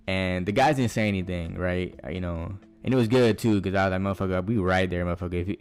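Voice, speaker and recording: A man's voice: low-pitched, clear, resonant tone. A young man talks loosely into the mic, hosting his own podcast. He rambles, swears freely and drops slang every few words. A faint guitar plays underneath. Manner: rambling, profane, slangy, full of "bruh". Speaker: podcast host. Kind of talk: casual monologue storytelling.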